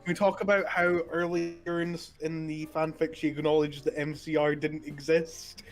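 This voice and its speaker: A man's voice: on the high side, level tone, normal speed, soft background music, rough recording. A man in casual chat, making quizzical remarks.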